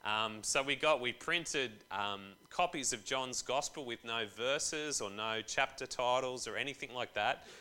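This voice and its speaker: A man's voice: mid-range voice, a little slow, hardly any pauses, pushed and bright, clear, resonant tone. A young man giving a casual, jokey sermon to a church group, full of slang and asides.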